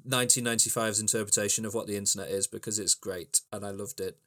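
Male co-host with a lowish voice, rambling through film plots. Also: steady tone, fast talker, a bit bright. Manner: rambling, many ums and restarts. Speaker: podcast co-host. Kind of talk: casual film chat.

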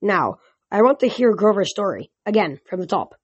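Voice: mid-range voice, big pitch swings, moderate pace, breathy edge, dull audio. A reader voicing a moody, snappish male god of wine in an audiobook. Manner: snappish, languid. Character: moody, bored wine god, grieving man.

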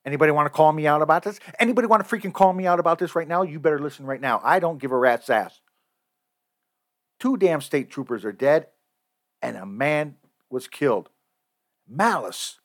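A man's voice: fairly high pitch, lively intonation, a little fast, long pauses. A man hosting a podcast, delivering a heated, profane, repetitive rant. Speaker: podcast host. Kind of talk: angry solo podcast rant.

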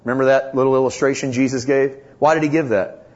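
A male pastor delivering an emphatic, impassioned sermon. His voice sits at an ordinary middle pitch and builds in force as he drives his points home. The recording is a little muffled and dull. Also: fairly even intonation, fast talker.

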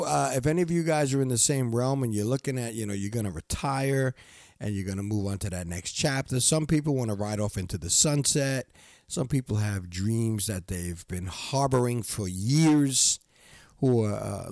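Speaking into a studio mic with no echo, an older man with a mid-range voice delivers a casual motivational monologue as the podcast's solo host. He giggles often, sounds warm-hearted, and keeps repeating himself.

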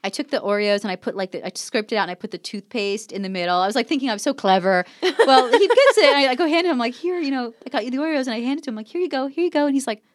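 A woman in her forties telling stories in a casual chat as a podcast guest, animated and acting out quotes with frequent laughter. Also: a little high, rapid-fire, hardly any pauses, dry recording. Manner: animated storyteller, acts out quotes, laughs often.

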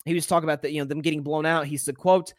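Young adult male podcast host, lively solo sports talk, slightly high voice, dry close mic. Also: very fast, no room sound. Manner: animated, with frequent repeated words and restarts.

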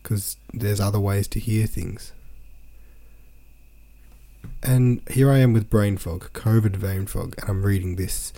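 A man's voice: fairly low pitch, steady tone, normal speed, warm tone. A man hosting a podcast, reading from a novel aloud and complaining in an exasperated, ranting way about its wordy sentences. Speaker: podcast host.

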